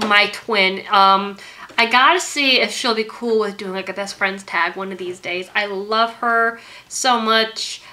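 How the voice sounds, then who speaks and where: A young woman vlogging as she opens a gift, gushing with repeated excited exclamations. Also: on the high side. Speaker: YouTuber opening a gift. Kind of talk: casual vlog unboxing.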